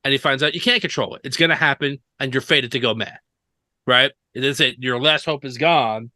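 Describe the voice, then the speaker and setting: A man's voice: medium pitch, brisk, bright, forceful tone, no room sound. A man co-hosting a podcast, chatting casually and retelling scenes in long rambling runs full of fillers. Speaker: podcast co-host. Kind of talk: casual chat.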